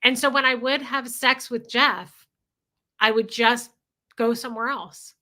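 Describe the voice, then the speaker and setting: A woman's voice: fairly high pitch, steady tone, measured pace, sharp tone. A woman hosting a livestream, talking candidly and emotionally, swearing freely as she reads viewer comments. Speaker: livestream host.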